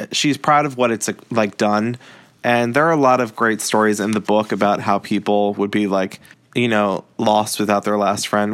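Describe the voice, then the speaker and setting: A man's voice: fairly low pitch, a bit bright. A man talking casually about a book he is reading, rambling with lots of fillers and short laughs. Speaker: book reviewer.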